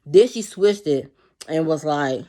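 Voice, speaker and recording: A woman's voice: deep voice, lively intonation, slow pace, mellow. A woman who works with young children, venting in a rambling, profane way and repeating herself as she tells a story about work. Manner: acts out quotes of coworkers. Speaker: childcare worker. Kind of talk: casual venting monologue.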